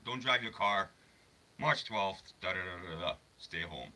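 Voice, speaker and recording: A man doing a smug hushed psychic. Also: low voice, animated, unhurried, recorded from a distance, pitched below the performer's own voice, exaggerated voice, rough recording. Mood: ominous. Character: smug male psychic selling predictions.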